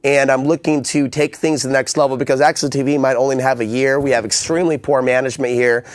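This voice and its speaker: A man's voice: medium pitch, flat delivery, quick pace, no echo. A man hosting a call-in public access show, talking in a loose, rambling way with many fillers and restarts. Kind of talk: casual call-in talk.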